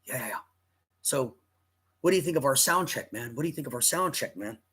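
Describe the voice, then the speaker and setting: A man voicing a drugged-out, jittery male rocker in a jester hat who chatters rapidly and keeps repeating "man". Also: medium pitch, bright, forceful tone, slightly rough. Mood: wired.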